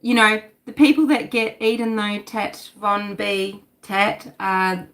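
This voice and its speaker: A woman's voice: mid-range voice, slow pace, fairly bright tone. A middle-aged woman, hosting a casual livestream, talking animatedly, swearing and reading out chat comments. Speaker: livestream host.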